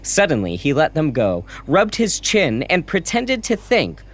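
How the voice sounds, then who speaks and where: Male narrator, lively, expressive storytelling delivery. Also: fairly high pitch, measured pace.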